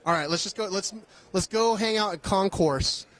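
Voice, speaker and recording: A man with a fairly high voice walks a loud convention hall while hosting a live stream. He jokes, swears casually and rambles loosely, sounding a little winded. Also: moderate pace. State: tired, a bit out of breath. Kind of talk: casual walk-and-talk chat.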